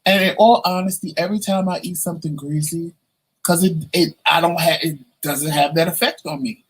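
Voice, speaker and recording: A man's voice: on the high side, a little fast, husky, poor audio. A man telling a personal story to the camera in a casual, chatty way, acting out the voices of the people in it. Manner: chatty, animated, acts out quoted voices. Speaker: vlogger.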